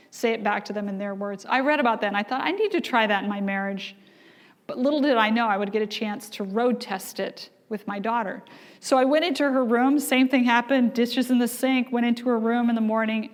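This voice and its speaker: A middle-aged woman is heard in a big hall with a long echo. She gives a sermon-style talk in a fairly high voice, tells stories and puts questions to her listeners. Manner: storytelling, acts out quoted voices, asks the audience questions. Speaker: speaker. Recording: long reverb of a large hall.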